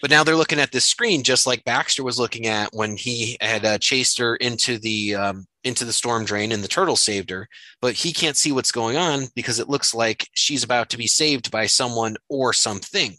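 A man's voice: mid-range voice, normal speed, dry recording, rough recording. A man hosting a casual chat, recapping a comic story step by step. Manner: steady recap with frequent fillers.

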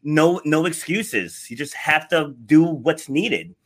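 A host interviewing a guest in a relaxed, encouraging way. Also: medium pitch, slow. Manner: relaxed, encouraging, laughs along. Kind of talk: interview conversation.

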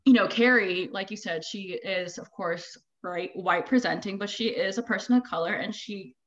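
A woman's voice: mid-range voice, moderate pace, muffled recording. A woman guest on a podcast, chatting animatedly from home and acting out what people said. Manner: animated, quotes people in lively bursts. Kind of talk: casual pop culture chat. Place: home with dogs nearby.

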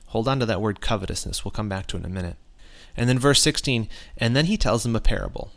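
A man's voice: fairly low pitch, fast talker, gravelly. Earnest man teaching casually. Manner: earnest, restarts often, with bursts of emphasis. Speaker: podcast host.

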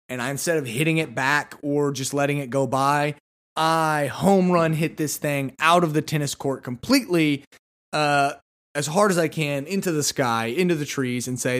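Sarcastic man with a higher voice. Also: moderate pace, a bit bright. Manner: sarcastic, exasperated humor. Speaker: podcast host. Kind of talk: casual storytelling monologue.

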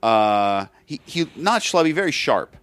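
A man's voice: medium pitch, sing-song, a little slow, a bit bright, clear, resonant tone, no room sound. A man co-hosting a casual comedy podcast, telling a rambling story and acting out what people said. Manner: rambling storyteller, restarts and acts out quotes. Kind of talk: casual chat.

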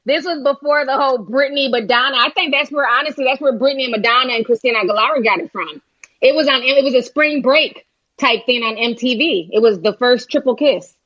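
A woman's voice: high voice, fairly quick, fairly bright tone, dry recording, highs cut off. A woman hosting a live call-in stream, chatting casually with callers and reading the chat, calling people honey. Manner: chatty, calls listeners honey.

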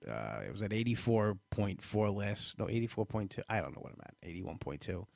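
A man's voice: on the low side, lively intonation, a little fast, gravelly, a little mellow, no room sound. A man, a comedian, talking casually about his weight loss in a frustrated, rambling way with many restarts. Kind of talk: casual monologue.

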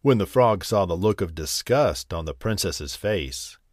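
A male storyteller reads a bedtime fairy tale slowly and gently, his pitch rising and falling expressively. The recording is dry and close. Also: animated, dry recording. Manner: slow, gentle reading. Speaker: storyteller host.

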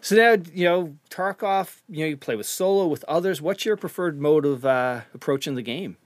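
Guy hosting a podcast, relaxed and chatty, voice a bit on the high side, dry mic. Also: normal speed, no room sound. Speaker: podcast host. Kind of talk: casual podcast interview.

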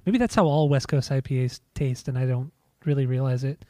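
A man's voice: mid-range voice, a little fast, warm tone, dry recording, clean studio sound. A man co-hosting a podcast, chatting casually and laid-back, swearing and teasing as he talks. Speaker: podcast co-host. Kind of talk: casual chat.

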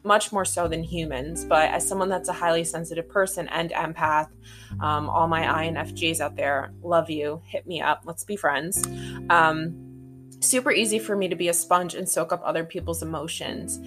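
A woman's voice: low-pitched, steady tone, normal speed, music in the background. A woman host talking casually and chattily, with many fillers and some swearing. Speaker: spiritual podcast host. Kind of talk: casual monologue.

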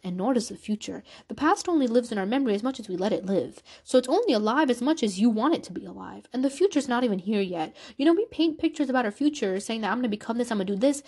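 A woman's voice: on the high side, a little mellow, husky. A woman hosting a podcast, telling a personal story in an earnest, confessional way and acting out the conversations she recalls. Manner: earnest, confessional, reenacts dialogue. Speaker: podcast host.

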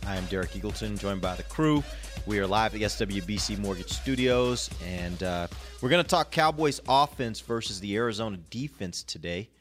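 A man's voice: lowish voice, expressive, normal speed, faint music behind. A man hosting a casual sports talk show, easygoing and teasing his co-hosts. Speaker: podcast host.

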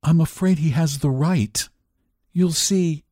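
Timid genteel wife, hesitant and soft, voiced by a male reader. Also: on the high side, takes it slowly, dry recording, studio quality, voice pushed up. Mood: worried, apologetic. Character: anxious genteel young wife, soft-spoken.

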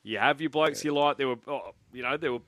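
An Australian man hosts a sports radio show in a mid-pitched voice. He reads listener texts briskly and chats easily. The sound is dry and close. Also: a bit bright, dry recording. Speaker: radio host.

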